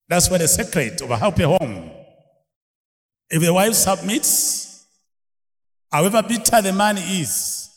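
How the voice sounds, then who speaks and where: Lively, slow-paced male preacher. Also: a little high. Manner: animated, laughing, calls out questions to the congregation. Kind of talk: sermon. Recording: long hall reverb.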